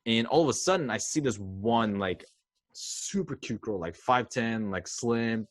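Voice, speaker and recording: A man's voice: mid-range voice, expressive, unhurried, no echo. A young man telling a story as a podcast guest, chatty and self-mocking, with lots of fillers and acted-out quotes. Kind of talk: casual storytelling.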